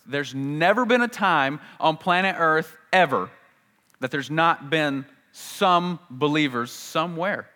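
A man preaching a sermon, telling a story with energy and acting out the lines he quotes, with rises and drops in pitch and loudness. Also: takes it slowly, long reverb tail. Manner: animated storytelling, acts out quotes with big jumps in pitch and volume. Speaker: pastor.

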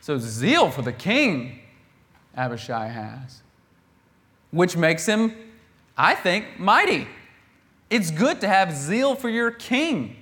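A man preaching a sermon in a conversational way, reading scripture and acting out the characters with bursts of loud emphasis. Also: sits high, slow pace, long pauses. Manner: animated, acts out the quoted characters with bursts of volume; conversational, with laughs and restarts.

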